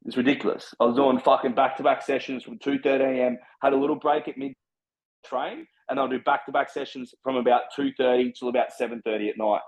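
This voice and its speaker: A man's voice: mid-range voice, fairly even intonation. A young Australian man, a personal trainer, telling his story in casual chat, blunt and full of swearing. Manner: blunt, heavy swearing, fast and driven. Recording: slightly dull lo-fi sound.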